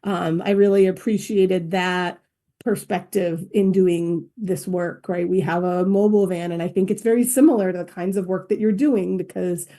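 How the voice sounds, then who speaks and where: A woman's voice: fairly low pitch, fairly even intonation, moderate pace, warm tone. A woman co-hosting a podcast interview. She is reflective and affirming as she thinks aloud. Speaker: podcast co-host. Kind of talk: interview conversation.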